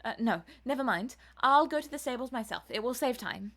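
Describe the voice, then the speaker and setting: Woman voicing a theatrical young gentleman, exclaiming, raised pitch. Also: lively intonation, a little fast. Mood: alarmed. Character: young English gentleman, languid then panicked.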